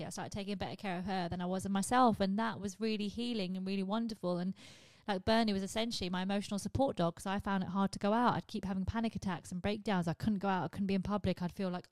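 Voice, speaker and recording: A woman's voice: medium pitch, a little mellow, no room sound. A woman hosting a podcast, chatting in a candid, rambling way and swearing offhandedly. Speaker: podcast host. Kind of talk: casual podcast chat.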